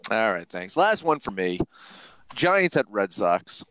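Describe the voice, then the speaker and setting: Animated cursing man making betting picks. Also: on the low side, a little slow, clear, resonant tone, dry recording. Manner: swears often, animated picks. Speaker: sports betting podcast host. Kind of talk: casual podcast chat.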